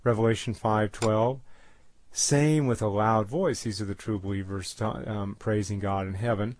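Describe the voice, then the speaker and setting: Low-voiced man preaching a bible study. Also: normal speed, a little mellow, dry recording. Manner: reads scripture aloud with stressed words, plain asides with fillers.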